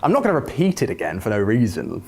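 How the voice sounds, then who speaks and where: A man's voice: lowish voice, wildly swooping pitch, fast talker, gravelly, darkish tone, slight background noise. A man hosting a comedy skit interview, talking hesitantly with frequent stammers.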